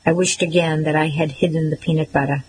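Woman reading a story in first person, steady pace, faint hiss behind. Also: low-pitched, quick pace. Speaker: audiobook narrator.

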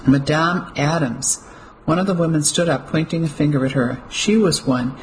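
Steady audiobook narrator, faint hiss. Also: medium pitch, normal speed, poor audio. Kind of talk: scripted narration.

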